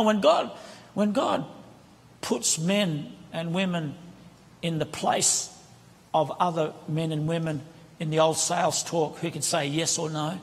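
A man's voice: on the high side, vocal fry. A man preaching a sermon from the pulpit, with impassioned, conversational preaching on a handheld microphone. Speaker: guest preacher. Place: large church sanctuary. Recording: reverberant church hall with congregation.

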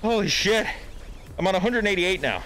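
A man streaming a game live, excitable and a little out of breath, thanking subscribers and shouting during wins. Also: sits high, fairly quick, over loud music. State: out of breath from push-ups. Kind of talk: live gaming stream chat. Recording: loud game gunfire behind.

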